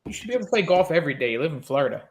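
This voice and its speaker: A man's voice: a little high, very animated, very fast. A man co-hosting a casual podcast, full of joking, crude banter. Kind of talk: casual chat.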